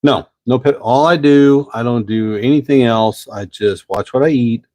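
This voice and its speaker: A man's voice: mid-range voice, a little mellow, no room sound. A man, rambling in a folksy way as the host of a casual live-stream chat. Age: 50s. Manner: rambling, folksy, drawn-out pauses.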